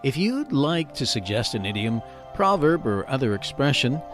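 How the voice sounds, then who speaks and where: Male podcast host, playful explainer, expressive pitch, faint music bed. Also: moderate pace. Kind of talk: scripted educational podcast.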